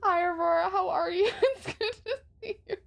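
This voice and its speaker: A young adult woman streams a game playthrough in a high voice. She giggles, exclaims and keeps up a running chat with her viewers. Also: moderate pace, vocal fry.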